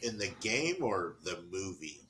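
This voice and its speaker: A man's voice: sits low, sing-song, a little slow, a crowd in the background. A man co-hosting a podcast, chatting casually about video games with a rambling, joking manner and a lot of swearing. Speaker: podcast co-host. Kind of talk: casual chat.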